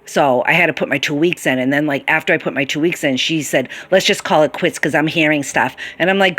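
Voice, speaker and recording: A woman's voice: sits low, a little fast, few pauses, a bit bright. A woman casually telling a long, rambling story about a bad job, aggrieved, with many fillers and restarts. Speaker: vlogger.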